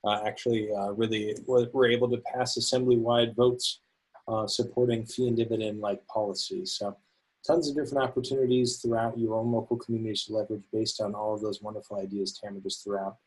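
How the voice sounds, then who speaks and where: A man's voice: lowish voice, steady tone, a little fast, darkish tone, slightly rough, rough recording. A man, a volunteer education coordinator, co-hosts a webinar, speaking enthusiastically with frequent uhs. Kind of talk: webinar presentation.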